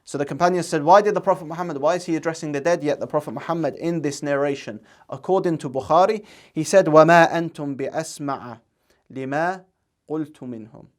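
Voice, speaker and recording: A man's voice: a little high, quick pace, hardly any pauses. Man giving earnest religious commentary. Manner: earnest, argumentative, recites Arabic quotations. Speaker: religious presenter.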